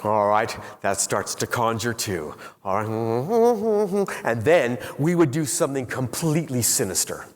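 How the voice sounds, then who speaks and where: A middle-aged man giving a motivational keynote speech to a live audience in a large hall, telling an animated story and quizzing the crowd. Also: medium pitch, moderate pace, few pauses. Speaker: keynote speaker. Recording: long hall reverb.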